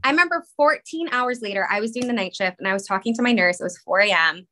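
A woman in her thirties, a guest on a talk show, telling an emotional personal story in a rushed, rambling way full of "like". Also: medium pitch, pushed and bright. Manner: rushed, rambling, many "like" fillers. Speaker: podcast guest, mother.

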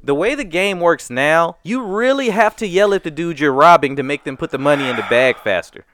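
A man with a high, lively voice tells a story on a podcast, profane and animated. His tone is bright and crisp. The recording is dry and close. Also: brisk, no room sound. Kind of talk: casual chat, animated storytelling.

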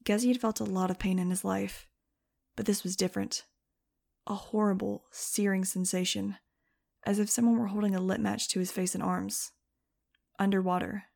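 A woman narrating an audiobook, reading lively scripted prose. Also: medium pitch, normal speed, gravelly. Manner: lively, shifting into excited first-person telling.

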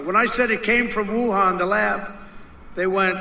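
High, bright-voiced man giving a rally speech. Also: fairly even intonation, normal speed, echoey room, slight background noise. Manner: emphatic and repetitive, mocking quoted opponents.

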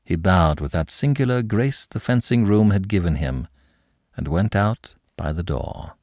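Brief: male audiobook narrator, expressive storytelling, dry close mic. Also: deep voice, a little slow, no room sound. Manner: expressive, dramatic reading.

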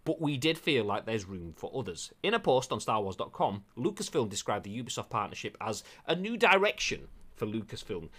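Male game news host, animated delivery, rambling jokey asides while reading articles. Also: mid-range voice, brisk, hardly any pauses, husky. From United Kingdom. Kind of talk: casual live-stream news chat.

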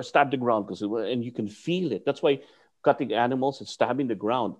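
A man, a martial arts teacher, telling a story in conversation and acting out the voices of people he quotes. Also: a little fast. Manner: lively, acts out quotes with swings in pitch and volume.

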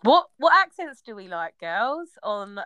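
A woman's voice: medium pitch, sing-song, unhurried, bright, forceful tone, clear, resonant tone, no echo. A woman, co-hosting a podcast in giggly, rambling casual chat. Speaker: podcast co-host.

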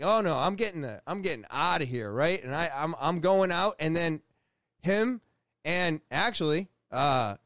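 A man in his forties from New England telling a personal story in a casual, profane, animated way, often restarting his sentences. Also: high voice, no echo, clean studio sound. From New England, USA. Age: 40s.

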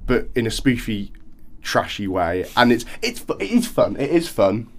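A man in casual film chat on a podcast, animated and acting out quoted reactions. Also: medium pitch, moderate pace.

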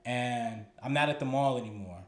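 Man, 30s, middle pitch, profane storyteller, echoey room. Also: moderate pace. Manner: loose, profane, repeats words as he thinks. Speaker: podcast co-host. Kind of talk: candid storytelling chat.

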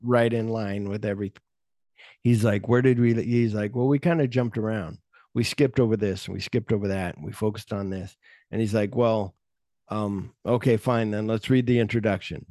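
Middle-aged man, dark and dry. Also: lowish voice, steady tone, normal speed, no echo. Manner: retells scenes with quoted lines, swears freely. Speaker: podcast host. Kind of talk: casual film chat.

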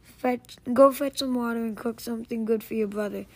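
A woman's voice: fairly high pitch, steady tone, a little fast, a little mellow. A woman reading as a wicked old witch. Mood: commanding. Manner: mocking, commanding.

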